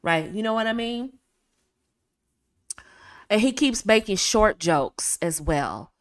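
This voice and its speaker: A woman's voice: mid-range voice, expressive, slow, long pauses, no echo, clean studio sound. An American woman in her thirties, hosting and giving confident, casual dating advice to women, often laughing and acting out bits of dialogue.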